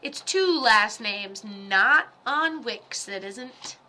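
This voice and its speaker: Woman, high bright voice, rambling livestream reader, chatty asides. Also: animated, drawn-out words. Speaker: medium giving live readings. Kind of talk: casual livestream readings.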